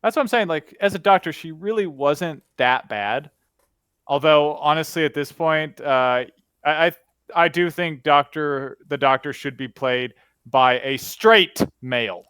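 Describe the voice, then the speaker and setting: A man with a fairly high voice giving blunt opinions in a relaxed fan chat. He is recorded dry and close, with no room sound around him. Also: unhurried, clear, resonant tone, no room sound. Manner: opinionated, blunt, laughs at his own stories. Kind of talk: casual fan discussion.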